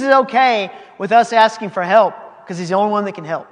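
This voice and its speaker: A man's voice: high-pitched, a little fast, hardly any pauses. A man preaching a sermon, reading scripture aloud and commenting on it in a conversational way with laughing asides. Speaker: pastor. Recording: long hall reverb.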